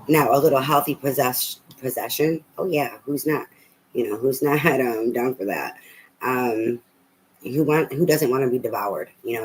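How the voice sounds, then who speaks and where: A tarot reader giving a casual, blunt and heavily profane love reading in an animated way. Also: medium pitch, slight background noise, poor audio.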